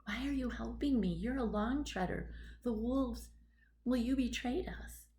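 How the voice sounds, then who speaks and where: Woman narrator doing wounded rabbit soldier, wary, weak, slightly raised pitch. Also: measured pace, mellow, slight background noise, lightly acted. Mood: suspicious.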